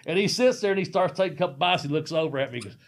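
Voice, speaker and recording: A man's voice: on the high side, lively intonation, rapid-fire, slight background noise. A middle-aged man, a former pro wrestler, telling a rambling, profane story and laughing often. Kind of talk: casual storytelling.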